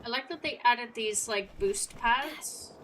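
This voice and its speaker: A woman's voice: fairly high pitch, slow pace, a bit bright, a little hiss or hum. A woman in her thirties from Canada with an accent blending Canadian and British, chatting casually with viewers while streaming a game. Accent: Canadian mixed with British. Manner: chatty, rambling, laughs often. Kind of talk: casual gameplay chat with viewers.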